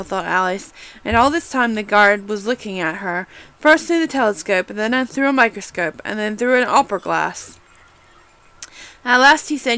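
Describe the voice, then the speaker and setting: A woman reading a classic storybook aloud, expressive, with small restarts now and then. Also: mid-range voice, normal speed, low-quality recording. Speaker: reader.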